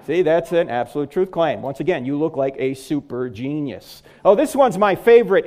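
A man's voice: on the high side, animated, measured pace, mellow. A middle-aged man giving a humorous lecture on apologetics to a live audience, delivering jokes and punchlines. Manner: joking, punchline-driven delivery. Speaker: Christian apologetics speaker.

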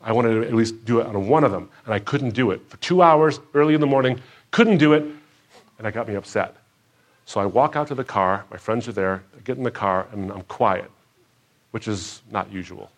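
A man telling his personal faith story to a live audience. He acts out what people said in a higher, louder voice and drops low and quiet at the emotional moments. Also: moderate pace.

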